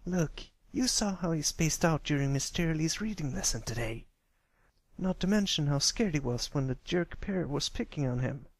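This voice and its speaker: A man's voice: fairly high pitch, expressive, moderate pace, no echo, pitched above the performer's own voice. A man voicing a bold, tomboyish young pegasus filly who talks bluntly, in a homemade fanfiction audiobook. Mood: skeptical. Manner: skeptical, blunt. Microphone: home recording, close mic.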